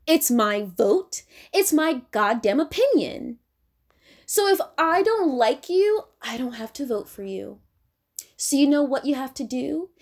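A young woman with a high voice delivers a confrontational rant to the camera. She is blunt and swears freely, hammering her points home. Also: darkish tone.

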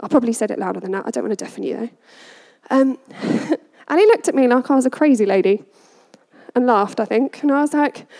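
A woman shares a family story in a lively storytelling talk, often laughing and slipping into quoted voices. Her voice sits high. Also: a little fast. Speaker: parent giving a message.

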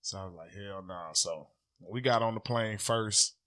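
Bright-voiced man telling a story. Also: on the low side, measured pace. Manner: profane, animated storytelling, loud when riled. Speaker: podcast co-host. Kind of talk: casual podcast chat, storytelling.

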